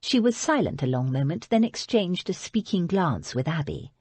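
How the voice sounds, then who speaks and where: Audiobook narrator, woman: low, husky, lively expressive reading, dry close mic. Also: moderate pace, dry recording. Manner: expressive storytelling. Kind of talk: scripted narration.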